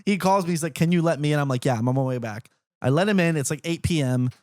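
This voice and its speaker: A young man co-hosting a podcast from his apartment, chatting casually and acting out the people in his stories. His voice sits a little high for a man. The sound is dry and close to the mic. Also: quick pace, no room sound. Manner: animated storytelling, imitates others. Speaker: podcast co-host. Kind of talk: casual chat. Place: apartment living room.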